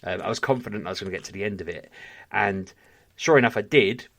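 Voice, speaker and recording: A man co-hosting a podcast, telling a story in casual chat with animated energy and frequent laughter. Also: lowish voice, fast, vocal fry. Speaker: podcast co-host.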